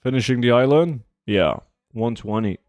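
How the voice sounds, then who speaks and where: A man in his twenties streams a game, relaxed as he talks casually with his chat and answers them. His mid-range voice moves at a normal speed with no room sound.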